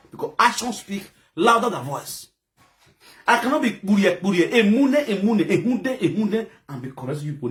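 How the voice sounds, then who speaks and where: Nigerian guy, high voice, angry scolding rant, keeps shouting. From Edo State, Nigeria. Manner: heated, scolding, bursts into shouting. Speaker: social media commentator. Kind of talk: angry ranting monologue.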